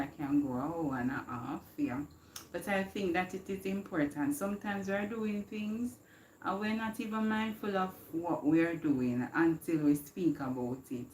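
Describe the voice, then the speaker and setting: Lady live streaming, low voice, drifts into patois, laughs a lot, roomy echo. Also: darkish tone. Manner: reflective, slips into patois, laughs often. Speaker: livestream host. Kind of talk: casual inspirational chat.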